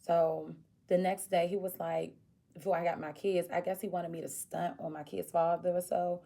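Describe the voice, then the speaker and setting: Speaking at a moderate pace in a gravelly voice, a woman vlogger casually tells a personal story. She's animated and acts out the people she quotes with big jumps in pitch.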